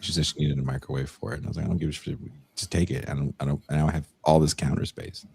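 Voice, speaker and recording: A man's voice: very deep voice, steady tone, rapid-fire, vocal fry, darkish tone, husky. A young man co-hosting a podcast, telling stories in casual chat, swearing freely and acting out the people in them. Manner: profane, storytelling, mimics people in dialogue. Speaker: podcast co-host.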